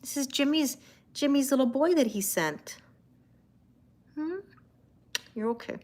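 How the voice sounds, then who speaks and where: A woman's voice: lively intonation, unhurried. Chatty woman hosting a tarot livestream. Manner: chatty, reads out viewer comments and answers them; coos softly to her cats in a high baby-talk voice. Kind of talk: casual live-stream chat with viewers.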